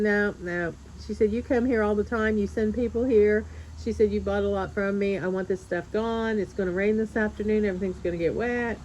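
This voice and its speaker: A woman's voice: medium pitch, a little mellow, a little hiss or hum, low-quality recording. Chatty woman vlogger telling a story. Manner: chatty, laughs often, acts out quoted voices. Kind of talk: casual storytelling.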